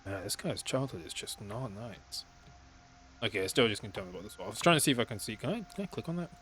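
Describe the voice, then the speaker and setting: A man's voice: fairly low pitch, expressive, fast, fairly bright tone. A man giving casual gameplay commentary, thinking aloud and hesitating as he weighs his choices. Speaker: game player.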